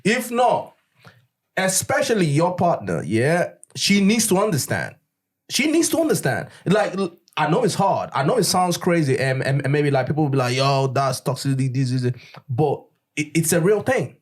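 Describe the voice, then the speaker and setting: A man's voice: a little high, big pitch swings, moderate pace, husky. A young man, talking emphatically in casual chat and checking that his listener follows.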